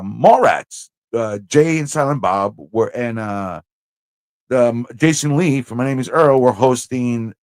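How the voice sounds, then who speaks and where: A man hosting a casual livestream, telling stories in an animated way, swearing and slipping into put-on voices. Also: mid-range voice, dry recording. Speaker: host.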